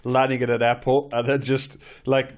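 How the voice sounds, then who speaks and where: A man's voice: medium pitch, flat delivery, normal speed. A man on a podcast, making absurd jokes in casual chat. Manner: jokey, absurd riffs. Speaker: podcast co-host.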